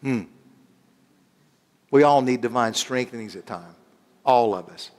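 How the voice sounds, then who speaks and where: A man preaching, animated, stopping to search for words and drawing answers from the congregation. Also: medium pitch, normal speed. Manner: animated, call-and-response with congregation; rambling, restarts and searches for words. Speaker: guest preacher. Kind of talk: sermon.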